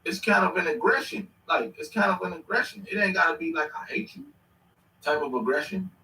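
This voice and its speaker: A man's voice: high voice, fast talker, sharp tone, a little hiss or hum. A man casually reacting to clips on a stream, rambling and slangy with sudden bursts of laughter. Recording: echoey room, mic at a distance.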